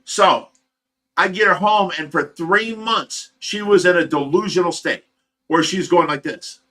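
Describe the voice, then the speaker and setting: A man with an Ohio accent hosting a livestream, telling a long personal story in a rambling, animated way and acting out the voices of the people in it. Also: high-pitched, measured pace. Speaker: livestream host. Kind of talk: casual storytelling.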